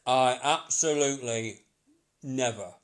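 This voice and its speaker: A man's voice: medium pitch, slow pace. A middle-aged man working as a psychic medium, giving a live reading to a sitter in a chatty, repetitive way, laughing often.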